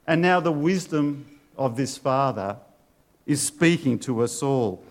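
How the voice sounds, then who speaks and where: Middle-aged man preaching, lively pitch. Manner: earnest preaching with rhetorical questions. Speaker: pastor. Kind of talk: sermon.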